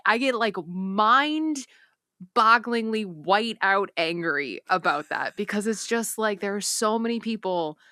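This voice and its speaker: Woman, young adult, podcast guest, casual chat, bright forceful voice, lots of fillers, swears freely. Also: mid-range voice, takes it slowly, no room sound, clean studio sound. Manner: animated, swears freely, many fillers and restarts. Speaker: guest, author of a book.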